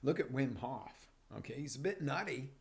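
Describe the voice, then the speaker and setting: A man hosting a live motivational coaching show, talking with energy and swinging from near-whispers to loud bursts. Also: medium pitch, moderate pace, creaky. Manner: energetic, animated, drops to whispers then surges loud. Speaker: life coach and show host. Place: broadcast live on social media.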